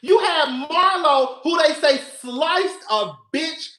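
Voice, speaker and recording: A man's voice: extremely high pitch, slow pace, sharp tone, echoey room, poor audio. A man reviewing a reality show, over-the-top and dramatic, swearing freely and swinging from hollering to whispering. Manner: profane, chatty, calls listeners "girl". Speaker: TV recap vlogger.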